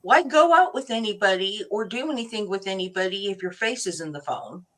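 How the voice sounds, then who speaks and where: A woman's voice: medium pitch, expressive, fairly quick, a bit bright. A woman hosting a casual chat stream, talking in a rambling, chatty way and laughing often. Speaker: host.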